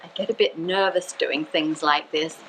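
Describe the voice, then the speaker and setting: An amateur actress playing the bride's nervous, chatty aunt. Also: female voice, low voice, fairly even intonation, moderate pace, a bit bright, slight background noise, low-quality recording. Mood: flustered. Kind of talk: amateur stage acting.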